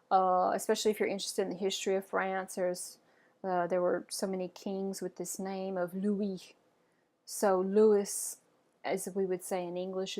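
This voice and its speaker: A woman gives a French pronunciation lesson, modeling words clearly and waiting for listeners to repeat them. Her voice sits at an ordinary middle pitch. She sounds patient and upbeat and praises each attempt. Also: darkish tone. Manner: patient, encouraging, with frequent "okay?" and "all right". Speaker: French teacher.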